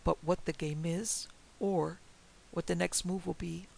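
An excitable little French detective with a French accent bursts out in quick, formal exclamations, as a man acts him out. The voice sits a touch high, with a gravelly edge. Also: a little hiss or hum, exaggerated voice, poor audio. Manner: impetuous, exclamatory, formal phrasing.

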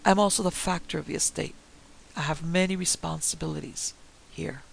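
A man's voice: a little high, steady tone, fairly quick, creaky, fairly bright tone, heavily acted, low-quality recording. A man voicing a tall bearded coachman who speaks tersely and without smiling. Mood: stern. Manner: terse, unsmiling. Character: tall bearded male coachman, stern estate factor.

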